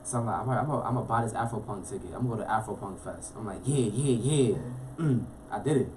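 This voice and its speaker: A young man from Florida, a guest telling his life story in a casual, animated way, full of street slang. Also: lowish voice, a little hiss or hum. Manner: fast, animated, streetwise slang, frequent "you know what I'm saying". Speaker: interview guest.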